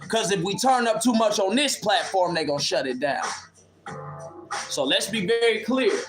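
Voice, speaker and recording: A man's voice: high voice, expressive, moderate pace. A man on a livestream delivering an impassioned, preachy rant, profane and confrontational toward his viewers. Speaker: livestream commentator. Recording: echoey room with music beat. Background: instrumental beat playing.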